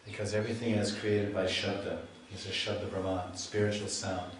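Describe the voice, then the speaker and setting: A man lectures on scripture in a loose, chatty way, breaking off and restarting his sentences as he tells stories. His voice sits fairly low, and the echoey hall recording sounds like it was picked up from a distance. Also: little pitch movement, a little fast, slight background noise. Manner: chatty storyteller, laughs at himself, restarts often. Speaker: swami giving a scripture lecture.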